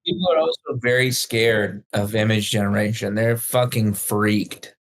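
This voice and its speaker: A man's voice: fairly low pitch, unhurried. A man co-hosting a podcast in casual chat, blunt and joking, swearing freely. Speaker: podcast co-host.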